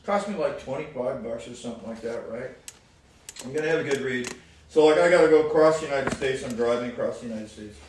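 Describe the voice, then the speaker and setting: Casual storytelling man, mid pitch, rambling and animated, heard distant in a very echoey room with faint noise. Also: fast talker. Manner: rambling, animated, swings between loud and soft. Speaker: guitar player giving advice.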